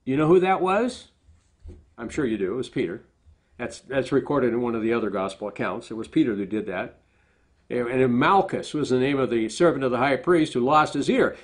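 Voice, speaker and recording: A middle-aged man preaching a sermon at a medium pitch. He talks earnestly and often stops to correct himself mid-sentence. When he quotes a speaker, his voice rises. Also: breathy edge. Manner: earnest, self-correcting, animated when quoting. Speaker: pastor.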